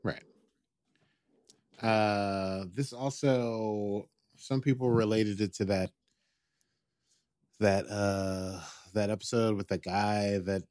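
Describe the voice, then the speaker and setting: A man's voice: on the low side, fairly even intonation, slow pace, pauses often, darkish tone, no room sound, clean studio sound. A man co-hosting a podcast, talking casually in a rambling way with many restarts. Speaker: podcast co-host. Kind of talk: casual chat about a TV episode.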